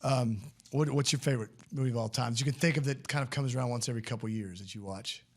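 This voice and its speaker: A man's voice: mid-range voice, quick pace. A man hosting a podcast in casual chat, rambling and chatty with frequent laughs and restarts. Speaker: podcast host.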